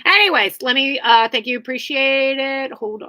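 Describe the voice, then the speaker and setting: A woman's voice: sits high, normal speed, bright, forceful tone, dry recording. A woman hosting a casual livestream, answering viewers in a blunt, rambling way with many fillers. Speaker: livestream host.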